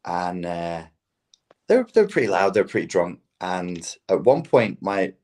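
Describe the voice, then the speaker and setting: A man with a fairly low voice talks in a loose, conversational way on a podcast. He tells stories with plenty of swearing and now and then slips into quoted voices. The tone stays casual and unhurried. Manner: storytelling with animated quoted voices. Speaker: podcast guest. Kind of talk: casual chat.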